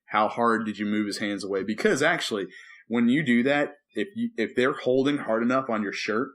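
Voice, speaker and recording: A man telling a story on a podcast in a relaxed, chatty way, with a mid-range voice. He acts out the quoted lines, sometimes breaking into snatches of song, then drops back to a low, steady tone. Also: fairly quick. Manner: animated storyteller who acts out quotes and sings movie lines. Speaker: podcast co-host, preacher. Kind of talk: casual chat, storytelling.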